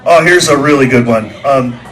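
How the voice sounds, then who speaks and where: A man's voice: mid-range voice, normal speed, a bit bright. A man doing live stand-up, telling rambling stories that repeat words and act out quoted voices, at a small live venue. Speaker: stand-up comedian.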